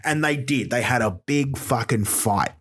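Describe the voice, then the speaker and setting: Aussie guy ranting on his podcast, swears a lot, rambly and sarcastic, mid-pitched. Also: measured pace, a bit bright, slightly rough. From Australia. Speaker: comedian, podcast host. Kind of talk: stand-up style rant.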